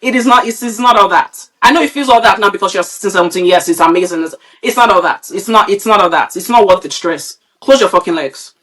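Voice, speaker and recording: A woman's voice: mid-range voice, fast talker, hardly any pauses, fairly bright tone. A woman from Nigeria, a podcast co-host, ranting bluntly and with a lot of swearing in casual, opinionated chat. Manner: blunt, profane, heated ranting.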